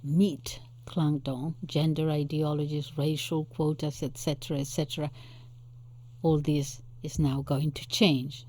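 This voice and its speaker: A woman's voice: low-pitched, flat delivery, a little slow, darkish tone. A woman host giving unscripted solo commentary, thinking aloud as she muses and searches for words. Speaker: channel host.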